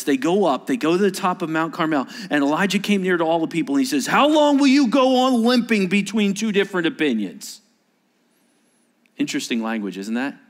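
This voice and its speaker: Animated high-voiced male preacher. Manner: animated storytelling, acts out scenes. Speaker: pastor. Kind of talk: sermon. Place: large church auditorium. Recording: echoey large hall.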